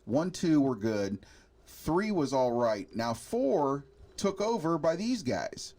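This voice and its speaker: A man's voice: fairly high pitch, sing-song, takes it slowly, a little mellow. A man co-hosting a casual podcast about parody movies, who rambles and restarts while he hunts for names. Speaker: podcast co-host.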